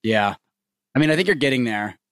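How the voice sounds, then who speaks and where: A man's voice: mid-range voice, animated, fairly quick, a bit bright, no room sound, studio quality. A man co-hosting a podcast in casual chat, teasing and hesitant, often restarting his sentences. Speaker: podcast co-host.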